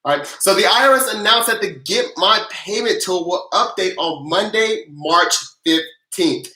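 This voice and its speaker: A lively livestream host who runs a tax news recap with playful hype, slang and countdowns, calling out viewers by name. The voice is bright and cutting. It sounds roomy and echoey. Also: mid-range voice, unhurried. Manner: energetic and playful, with casual slang, chanting and countdowns.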